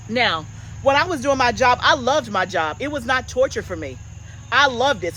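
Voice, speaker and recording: Woman, 40s, homestead vlog host, relaxed animated chatter, calls viewers y'all. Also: on the high side, a little hiss or hum, rough recording. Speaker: homestead gardening channel host. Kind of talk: casual chat.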